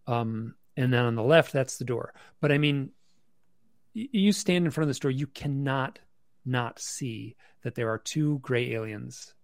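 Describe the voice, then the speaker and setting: A man joins a podcast as a guest over a video call from his bedroom at home, speaking at a medium pitch in a dry recording. He tells a story casually and haltingly, with many restarts and fillers.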